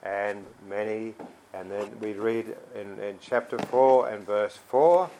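A man preaching a sermon, pausing and repeating words, reading scripture louder than he speaks. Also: rough recording. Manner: slow and halting, repeats words, reads scripture louder and higher.

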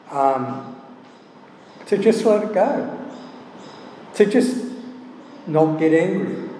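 A man's voice: fairly high pitch, dark tone, slight background noise. Man preaching in an echoey hall. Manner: conversational, with frequent "you know" asides. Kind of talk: sermon. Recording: echoey hall, heard from a distance.

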